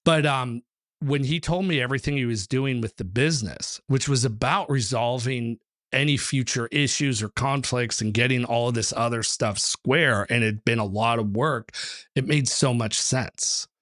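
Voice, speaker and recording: A man talks as a guest in a relaxed interview, his voice sitting at an everyday middle pitch. He tells stories with animated energy, slipping into quoted voices and peppering his talk with fillers. The sound is close and dry, with no room around it. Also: moderate pace, no echo. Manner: animated storyteller, acts out quotes, many fillers. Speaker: numerology author and teacher, guest. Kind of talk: casual interview conversation.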